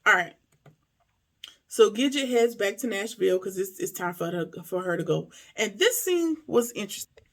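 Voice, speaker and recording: Gravelly, emphatic TV episode reviewer. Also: medium pitch, lively intonation, moderate pace. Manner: emphatic, speaks straight to viewers with rhetorical questions. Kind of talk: casual episode recap and commentary.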